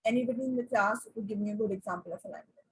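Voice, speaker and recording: A woman teaching an online class, often asking the class questions and pausing with fillers. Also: medium pitch, slightly rough, rough recording.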